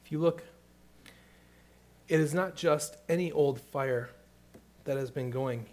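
A middle-aged man preaching a sermon, moving between hushed, tender passages and loud, emphatic questions. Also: fairly high pitch, slow. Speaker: pastor.

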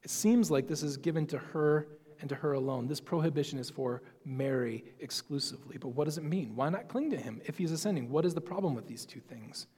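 A pastor giving a sermon, explaining a Bible passage in a conversational, musing way. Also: male voice, a little high, brisk, mellow, breathy edge, long reverb tail.

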